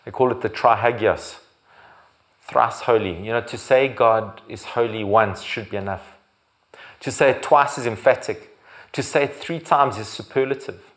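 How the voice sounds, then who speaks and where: A man preaching a sermon as pastor, building to loud, emphatic repeated phrases and sometimes correcting himself. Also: medium pitch, moderate pace. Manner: occasional restarts and self-corrections.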